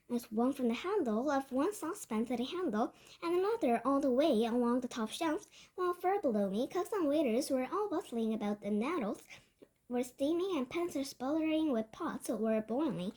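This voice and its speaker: A woman reads a children's novel aloud in the first person, her voice high and light. She tells it with a lively storytelling lilt, now and then stumbling and restarting a phrase. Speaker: book reader.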